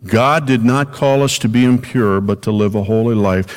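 A man's voice: lowish voice, normal speed. A male senior minister preaching a conversational sermon, stressing points by repeating them. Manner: conversational preaching, emphatic repetition. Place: church sanctuary. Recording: long hall reverb.

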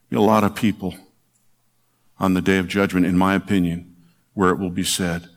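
A man preaching a radio sermon, swinging between soft, quiet lines and forceful emphasis. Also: low-pitched, steady tone, normal speed, in a large hall. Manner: dramatic, rising to forceful emphasis then dropping soft.

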